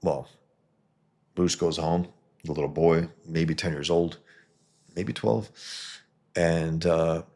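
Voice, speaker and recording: Super low husky guy rambling on his comics stream, lots of uhs and restarts. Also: steady tone, takes it slowly, pauses often, darkish tone. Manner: rambling, digressive, many fillers and restarts. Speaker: comic book reviewer and live stream host. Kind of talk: casual live-stream commentary and comic reading.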